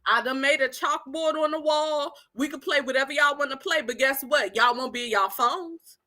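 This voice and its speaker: A woman, giving animated, sassy commentary straight to her viewers. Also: sits high, moderate pace. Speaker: online commentator.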